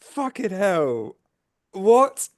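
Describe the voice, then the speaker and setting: Slow-talking man with a lively voice. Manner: unhurried, lively pitch, easily surprised. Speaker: podcast co-host. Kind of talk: casual fan podcast chat.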